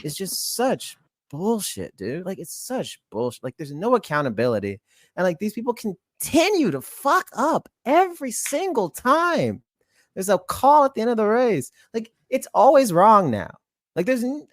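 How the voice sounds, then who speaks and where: A man's voice: high-pitched, very animated, moderate pace, dry recording, clean studio sound. A man co-hosting a podcast, ranting in an exasperated, profane rush about a bad call. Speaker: podcast co-host. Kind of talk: heated ranting podcast talk.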